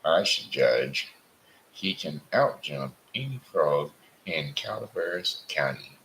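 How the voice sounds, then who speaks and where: A man's voice: rumbling low, very animated, takes it slowly, vocal fry, a bit bright, a little hiss or hum, full character voice, rough recording. A man doing an offhand frontier gambler. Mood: stubborn. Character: easygoing frontier gambler man, casually boastful.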